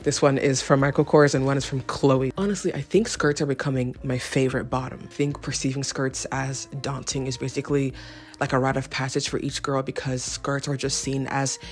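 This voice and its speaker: A woman's voice: very deep voice, level tone, brisk. A young woman hosting a casual clothing haul vlog at home, playful and self-mocking, chatting straight to the viewer with theatrical asides. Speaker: fashion vlogger.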